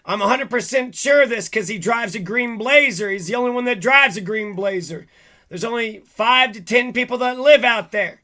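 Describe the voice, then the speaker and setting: High-pitched man in a profane rant. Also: moderate pace, bright, forceful tone. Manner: agitated, profane, rambling rant. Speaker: vlogger. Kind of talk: monologue to camera.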